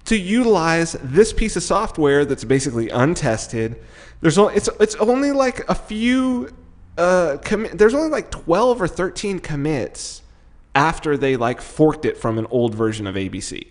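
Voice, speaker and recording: Excitable, swearing podcast man. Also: on the high side, moderate pace. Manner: excitable, swearing, many restarts. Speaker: podcast co-host. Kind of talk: casual chat.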